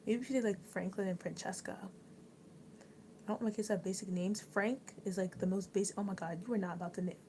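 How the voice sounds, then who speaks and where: A woman's voice: medium pitch, fairly even intonation, quick pace, hardly any pauses, darkish tone, a little hiss or hum, low-quality recording. A young woman hosting a casual livestream, chatting and reading out viewer comments in a rambling way, full of likes and restarts. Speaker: livestream host.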